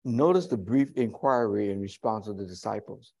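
A man's voice: lowish voice, moderate pace, vocal fry, darkish tone. A male pastor preaching a sermon in a folksy, conversational way, with humorous asides to the congregation.

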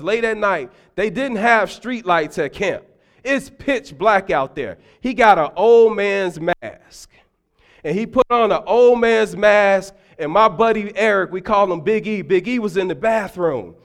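A middle-aged man preaching a sermon in church, telling stories with humor and sudden loud bursts. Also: high voice. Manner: animated storytelling, humorous asides, loud bursts. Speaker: deacon preaching.

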